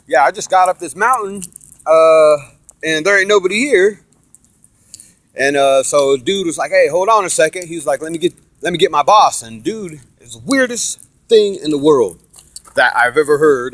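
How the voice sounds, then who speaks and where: A man telling a long personal story in a rambling, casual monologue. He swears constantly, uses lots of fillers and acts out quoted voices loudly. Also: fairly high pitch.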